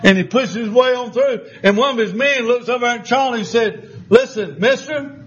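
Man preaching, high voice, folksy storyteller, slightly muffled recording with faint hiss. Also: normal speed, fairly bright tone, slightly rough. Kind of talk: sermon with storytelling.

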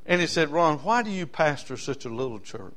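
A male pastor preaching a sermon, fervent and folksy, moving from quiet asides to loud hollering. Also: a little high, very animated, fairly quick.

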